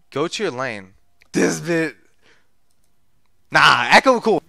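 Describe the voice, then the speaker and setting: High, gravelly young man yelling at game. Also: expressive, moderate pace, long pauses, no room sound, clean studio sound. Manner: swings from mutters to yelling, trash-talks teammates. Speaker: gamer streaming his play. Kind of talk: profane gameplay commentary.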